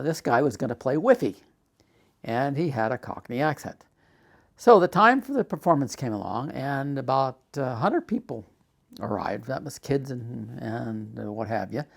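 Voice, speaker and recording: Older man with a gravelly voice. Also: medium pitch. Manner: animated retelling, acts out quotes; halting, frequent uhs. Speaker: documentary subject. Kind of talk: personal storytelling.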